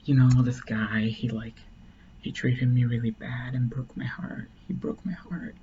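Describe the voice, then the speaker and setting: A man voicing a sad, heartbroken young waitress in a breathy, whispery voice, quoting her in a casual anecdote. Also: mid-range voice, fairly even intonation, unhurried, lo-fi sound, a little hiss or hum, natural voice. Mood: forlorn.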